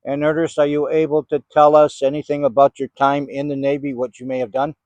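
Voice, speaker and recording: An older man investigating the paranormal, outdoors in a rainy cemetery, calling out slow, patient questions to spirits. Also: on the high side, little pitch movement, darkish tone, dry recording, dull audio.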